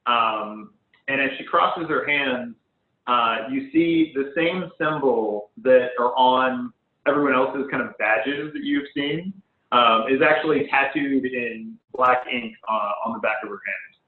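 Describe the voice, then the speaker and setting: A man's voice: mid-range voice, a little slow. A man running a tabletop game as game master, describing scenes in a hesitant way full of ums, over an online voice call. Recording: phone-like online call audio, echoey room.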